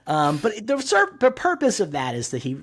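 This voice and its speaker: A man's voice: high-pitched, huge pitch swings, moderate pace, slight background noise. A man co-hosting a podcast, chatting casually about comics, swearing freely and acting out quotes. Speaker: podcast co-host. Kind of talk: casual comic-book discussion.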